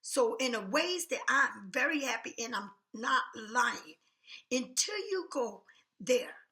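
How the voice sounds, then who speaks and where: A woman rants through a story with blunt anger and constant swearing. Her voice sits high and has a gravelly fry, with a sharp, forceful edge. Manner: angry, blunt, heavy swearing. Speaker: vlogger. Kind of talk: profane storytelling rant.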